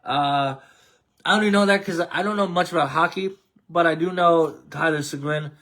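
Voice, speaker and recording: Rambling American man, a bit high. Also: moderate pace, fairly bright tone. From United States. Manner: rambling, talks to a co-host, many fillers. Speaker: podcast host. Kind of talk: casual sports and wrestling chat.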